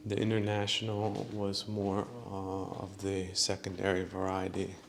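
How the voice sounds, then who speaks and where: A man's voice: sits low, completely flat delivery, measured pace, creaky, a little hiss or hum. A man hosting a solo podcast, rambling through his thoughts with many fillers and chuckling at his own jokes. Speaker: podcast host.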